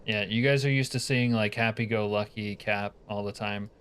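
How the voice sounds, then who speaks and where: A man's voice: fairly low pitch, fairly even intonation, normal speed, a bit bright, a little hiss or hum. Profane, joking male game streamer. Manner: profane, joking, grumbling at chat. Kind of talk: casual live-stream chat.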